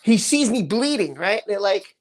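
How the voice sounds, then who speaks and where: Guy on a live stream telling his own story, animated, keeps repeating himself and acting out what people said. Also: high voice, moderate pace. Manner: animated, acts out the dialogue of others in his story; repeats words and restarts sentences while recounting. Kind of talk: casual first-person storytelling.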